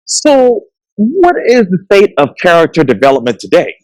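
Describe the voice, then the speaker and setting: A man's voice: sits high, wildly swooping pitch, moderate pace, no room sound, poor audio. A man hosting a local interview show, asking questions politely and formally. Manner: polite, affirming, formal address.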